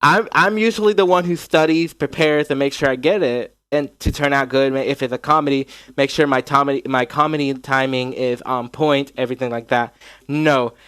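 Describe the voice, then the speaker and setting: A man's voice: medium pitch, steady tone, moderate pace, fairly bright tone, smooth, no echo. A man from North Carolina chatting casually, rambling with lots of likes and restarts. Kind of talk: casual podcast chat.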